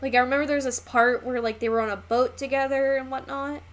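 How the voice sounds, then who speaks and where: Rambling young woman streamer, higher voice. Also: steady tone, quick pace. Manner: rambling and chatty, with frequent fillers and swearing. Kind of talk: casual chat while painting on a live stream.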